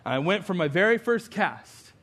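A man's voice: high-pitched, sing-song, normal speed, fairly bright tone. A man, a pastor, preaching a sermon in a conversational storytelling way, with emphatic rising build-ups.

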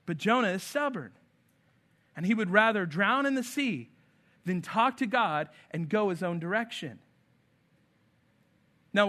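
High, bright-voiced male preacher. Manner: animated preaching, acting out Bible characters' voices. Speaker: pastor. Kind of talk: sermon.

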